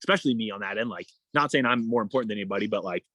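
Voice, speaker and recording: A man's voice: racing, a bit bright, dry recording, low-quality recording. A man telling a long story in a casual interview, rambling with many fillers and acting out what people said. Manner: rambling, many fillers, acts out quotes in a higher voice. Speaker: endurance athlete guest.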